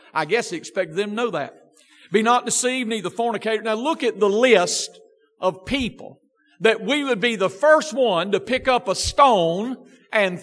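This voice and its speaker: A man's voice: sits high, a bit bright. A man preaching a sermon as pastor, reading scripture with strong emphasis and asking rhetorical questions in a church sanctuary. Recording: long church-hall reverb.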